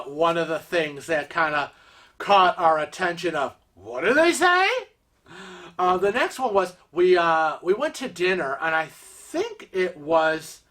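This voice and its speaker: A man's voice: a little high, a bit bright. A man telling cruise stories in a chatty, rambling way, with many fillers. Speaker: cruise vlogger. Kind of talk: casual storytelling.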